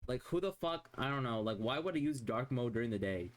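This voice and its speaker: A man's voice: medium pitch, lively intonation, fairly quick. A man streaming a casual chat, rambling and swearing constantly as he rants in exasperation.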